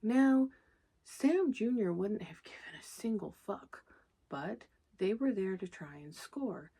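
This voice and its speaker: Speaking slowly in a mellow, medium-pitched voice with a breathy edge and lively intonation, a woman reviewer recaps a movie in a rambling, casual way. She's candid and cusses openly, laughing often and talking to herself as she goes off on tangents.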